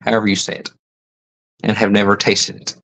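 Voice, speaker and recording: A middle-aged man with a fairly low, flat voice, a brisk pace, vocal fry and a slightly bright tone hosts a casual live stream on a low-quality recording. He reads viewer comments aloud, rambling and chuckling often as he muses about how words are pronounced.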